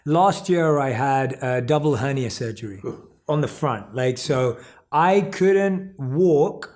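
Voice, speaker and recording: A man's voice: mid-range voice, animated, slow, a little mellow. A man in a casual conversation, sharing a personal experience in an earnest, reflective way, often using "like" and restarting his sentences.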